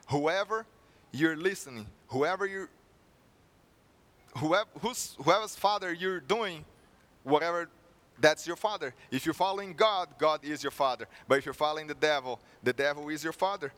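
A man's voice: on the high side, fairly bright tone. A male preacher delivering a sermon with earnest storytelling and rhetorical questions.

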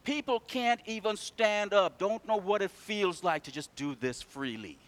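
During a church sermon, a man with a high voice speaks a little slowly, telling stories and addressing the congregation directly. He shifts back and forth from loud to hushed.

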